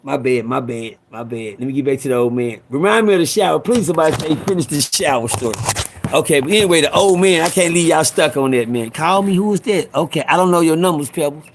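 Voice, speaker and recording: A middle-aged man tells a story to his livestream audience in a loose, profane, animated way, stopping now and then to speak to the viewers. His voice sits a little high and has a gravelly edge. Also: quick pace, background noise. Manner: profane, rambling, animated, breaks off to talk to viewers. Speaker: storyteller addressing live viewers.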